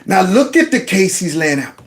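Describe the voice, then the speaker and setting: Animated indignant male commentator. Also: high-pitched, moderate pace. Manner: animated, indignant, repeats words. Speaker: commentary host. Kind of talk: reaction commentary.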